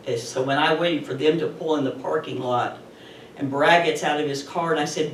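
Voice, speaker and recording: A middle-aged woman telling a personal story live to an audience, chatty and animated. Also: low-pitched, normal speed. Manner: animated, chatty retelling with laughs. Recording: roomy, distant mic with faint noise.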